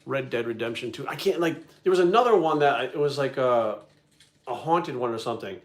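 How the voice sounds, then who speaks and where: A man telling a story in casual chat, animated and full of swearing. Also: mid-range voice, a little fast. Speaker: video creator and host. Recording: echoey room.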